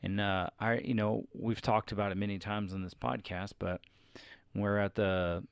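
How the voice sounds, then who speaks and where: Candid lower-voiced male podcast co-host. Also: little pitch movement, moderate pace, vocal fry, clean tone, dry recording. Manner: candid, confessional storytelling. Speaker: podcast co-host with his wife. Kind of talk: casual chat.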